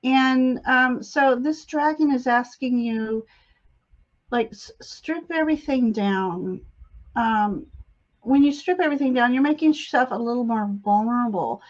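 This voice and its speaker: A woman doing a live spiritual reading on a webcam, in a gentle, encouraging manner. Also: fairly high pitch, unhurried, lo-fi sound. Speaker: psychic reader.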